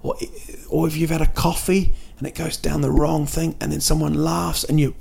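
Gravelly, dark-voiced man rambling jokily. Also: on the high side, little pitch movement, moderate pace. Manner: rambling, joking, with many restarts and fillers. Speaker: podcast host. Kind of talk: casual solo podcast monologue. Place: indoor room at night in a city.

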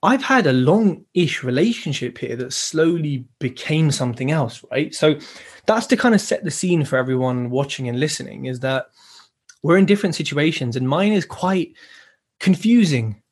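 Husky, lively-voiced podcast host. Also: male voice, on the high side, normal speed. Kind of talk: casual podcast chat.

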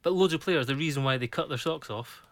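A former footballer giving his views in a casual podcast chat, measured and reflective. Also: a little high, fairly bright tone, no echo.

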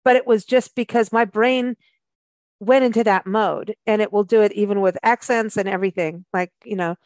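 A woman's voice: medium pitch, fairly even intonation, moderate pace, a little mellow, no echo. A woman from South Africa hosting a radio travel show, chatting in a rambling way full of "you know". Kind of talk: casual radio chat.

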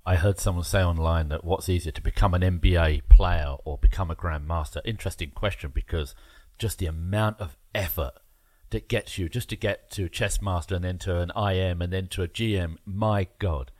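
A man's voice: low-pitched, brisk, a little mellow, no echo. A man hosting a podcast interview, asking rambling, enthusiastic questions. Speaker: podcast host. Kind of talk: casual interview chat.

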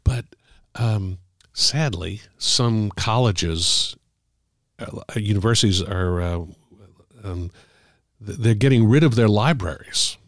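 A man, middle-aged or older, an author telling stories about the craft of writing in a casual, halting way with many fillers. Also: on the low side, no echo, clean studio sound. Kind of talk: casual conversational storytelling.

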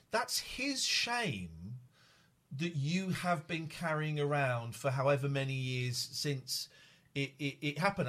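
Halting, earnest man, animated pitch. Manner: halting and earnest, with many restarts. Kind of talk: emotional one-on-one conversation.

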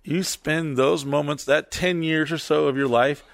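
A man's voice: fairly high pitch, unhurried, creaky, no room sound. Profane man, dry close sound. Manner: profane, animated, mock voices for people. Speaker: podcast host. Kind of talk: casual chat.

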